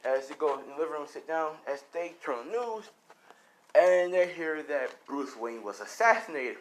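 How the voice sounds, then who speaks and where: A man's voice: a little high, expressive, moderate pace, slight background noise. A man improvising a fan story in casual, rambling narration, full of fillers and the odd swear. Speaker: storyteller, channel host.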